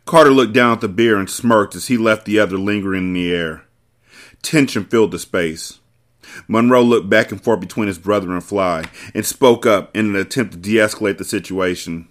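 A man hosting a podcast, reading a novel aloud and breaking off for animated, profane asides. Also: on the low side, moderate pace. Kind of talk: novel reading with casual commentary.

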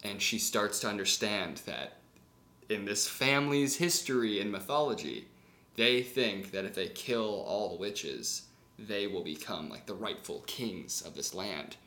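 A man casually retelling a story on a podcast, animated and swearing, acting out the scenes. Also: fairly low pitch, unhurried. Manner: animated, swears, acts out scenes with sound effects. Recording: roomy echo.

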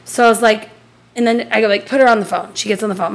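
Animated mom telling a story. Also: female voice, on the high side, quick pace. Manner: animated, acts out quoted dialogue; casual swearing. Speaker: podcast co-host. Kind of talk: casual storytelling chat.

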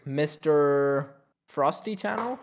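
A man's voice: on the high side, animated, slow, gravelly, slight background noise. A young man co-hosting a casual podcast, rambling, swearing freely and laughing often. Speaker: podcast co-host. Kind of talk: casual chat.

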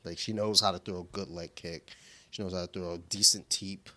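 A man's voice: sits low, fairly even intonation, fairly quick, bright, forceful tone. A man in his thirties co-hosting a podcast, chatting casually and swearing freely over beer. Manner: laid-back, swears freely, quotes his daughter in voices. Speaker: podcast co-host.

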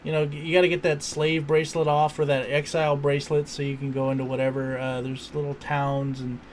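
A man's voice: a little high, fairly quick, a little hiss or hum. A man in casual chat about a video game, telling stories with lots of swearing. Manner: animated storyteller who acts out quotes, swears freely. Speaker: gamer recounting a playthrough.

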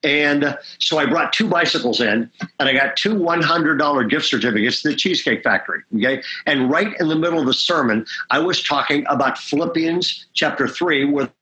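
A man's voice: on the high side, a little fast, few pauses, pushed and bright, poor audio. A middle-aged man preaching as a pastor, telling stories with energy and checking in with frequent asides. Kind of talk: sermon talk at a conference.

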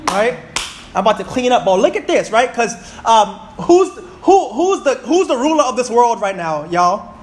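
Animated high-voiced preacher in his thirties. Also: slight background noise. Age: 30s. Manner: animated, reads scripture slowly and calls out to the congregation. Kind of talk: sermon.

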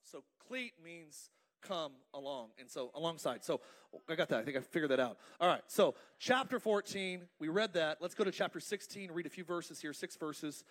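A male pastor preaching a lively, joking sermon in church and calling the congregation to respond. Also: fairly high pitch, normal speed. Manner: playful, asks the congregation to respond.

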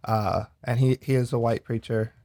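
A man co-hosting a podcast, earnest and halting with frequent restarts. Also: mid-range voice, little pitch movement, mellow. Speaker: podcast co-host. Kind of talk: casual chat.

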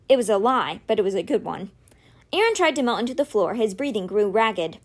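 A woman reading a novel aloud with expressive, animated storytelling. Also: medium pitch, a little fast. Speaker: audiobook reader.

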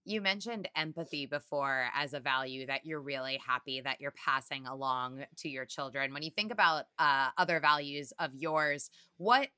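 A woman interviewer with a very low voice and a bright tone. She asks questions in a measured, inquisitive way. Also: smooth.

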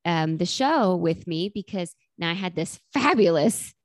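A woman's voice: lowish voice, measured pace, dry recording, studio quality. A woman in her thirties chatting casually as co-host, acting out quotes with laughs. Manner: animated, acts out quotes with laughter. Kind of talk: casual chat.

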